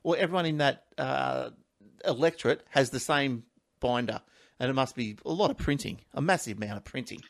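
A man's voice: medium pitch, brisk, vocal fry, no room sound, clean studio sound. A man hosting a casual talk show, rambling and chatty, often laughing. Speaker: podcast host. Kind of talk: casual chat.

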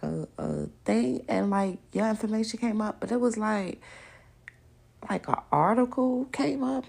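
A woman hosting a podcast, talking bluntly and profanely straight to her listeners, animated and often laughing. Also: mid-range voice, gravelly, slightly rough. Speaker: podcast host. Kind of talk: casual chat, open discussion monologue.

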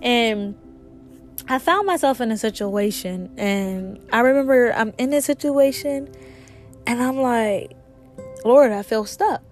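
A woman's voice: on the high side, unhurried, soft background music. Earnest woman sharing faith, slightly sick. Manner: earnest, testifying, conversational. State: sick, voice a little off. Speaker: podcast host. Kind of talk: inspirational faith talk.

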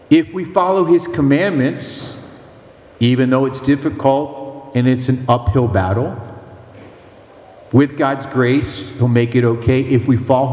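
A man's voice: medium pitch, darkish tone, roomy sound, long reverb tail. A man who is a priest, delivering a sermon with emphatic, humorous storytelling.

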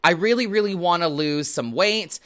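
A man's voice: high-pitched, moderate pace, fairly bright tone. A man hosting a show, giving a casual, rambling tarot reading to viewers with the odd swear word. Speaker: host and tarot reader.

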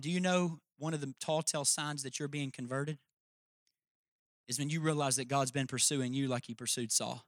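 A man's voice: medium pitch, steady tone, normal speed, fairly bright tone, no room sound. A man pastor preaching a sermon, emphatic and speaking straight to his listeners with questions.

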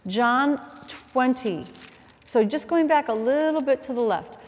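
A middle-aged woman delivers a sermon in a somewhat high voice, chatty and animated, full of asides and self-corrections. Her voice carries the long reverb of a large church hall. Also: a little slow. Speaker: preacher. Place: church auditorium.

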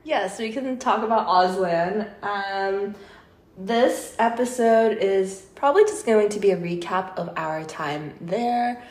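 A woman's voice: mid-range voice, slow, darkish tone. A young adult woman co-hosting a podcast, friendly and upbeat in casual chat. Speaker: podcast co-host. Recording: echoey room.

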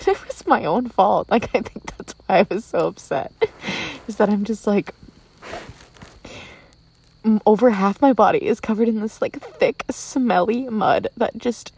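Giggly, gravelly young woman telling stories. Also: mid-range voice, unhurried, darkish tone. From Minnesota. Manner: chatty, giggly, lots of "like" and "um". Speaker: vlogger. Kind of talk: casual storytelling vlog. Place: inside a tent outdoors at night. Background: crickets.

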